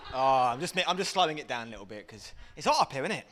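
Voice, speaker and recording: A young Englishman doing a stand-up comedy set, excitable, with sudden loud shouty bursts. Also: medium pitch, fast talker, hardly any pauses.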